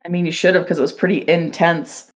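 A woman co-hosting a casual podcast, hesitant and quick to laugh. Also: lowish voice, steady tone. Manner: slow, hesitant, laughs often. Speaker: podcast co-host.

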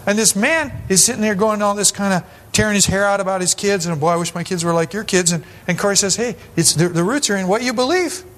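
A man's voice: sits high, fast, few pauses, a bit bright. A man pastor giving a sermon in a conversational style, acting out quoted voices as he goes and often restarting his sentences.

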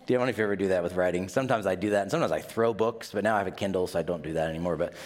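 This Midwestern pastor talks very fast in a low voice, keeping his sermon conversational. He quizzes the congregation and plays out short scenes in put-on voices.

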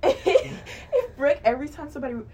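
A woman's voice: high voice, sing-song, normal speed, mellow. A young woman chatting casually with friends, telling funny stories and laughing as she acts out what they said. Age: young adult. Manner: laughing storyteller who acts out drunk friends' lines. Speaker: podcast co-host. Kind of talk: casual chat among friends. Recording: distant mic with clear background noise.

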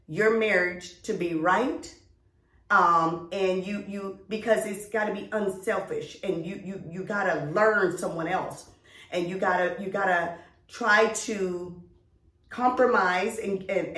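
A woman's voice: medium pitch, slow, a bit bright. A middle-aged woman, co-hosting a podcast in a casual chat, emphatic and preachy, drawing out her words. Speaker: podcast co-host. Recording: echoey room, distant mic.

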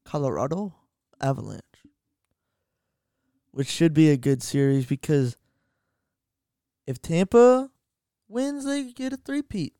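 A young man co-hosting a podcast, chatting about sports in a rambling, excitable way and correcting himself as he goes. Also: fairly high pitch, slow pace, pauses often, no echo. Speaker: podcast co-host. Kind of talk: casual sports chat. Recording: dry.

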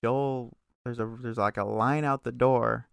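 A man with a gravelly, fry-laden voice talks through a recap in relaxed, casual chat. He is loose and profane, and he throws in quick asides. The sound is dry and close, with no room around it. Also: mid-range voice, no echo. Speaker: podcast co-host recapping a TV episode.

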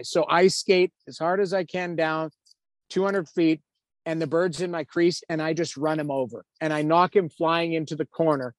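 Guy in his 50s, ex goalie now tv analyst, chatty storytelling, slightly high voice, dry sound. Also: moderate pace, no room sound. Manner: animated, acts out quotes, lots of "like". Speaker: former pro hockey goalie and TV analyst. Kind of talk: casual storytelling in an interview.

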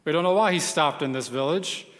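A pastor preaching a sermon, telling the story dramatically and acting out the voices of the people in it. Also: male voice, on the high side, a little fast, a bit bright, big-room sound.

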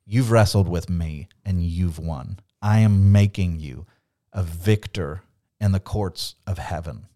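A man voicing God as a gentle, fatherly figure who speaks calmly and reassuringly while retelling a Bible story. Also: sits low, unhurried.

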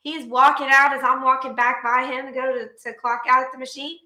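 A woman, co-hosting a podcast and telling stories in a casual, profane, animated way. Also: sits high, fairly quick, roomy sound. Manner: profane, animated storytelling with laughs. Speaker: podcast co-host. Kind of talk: casual storytelling chat.

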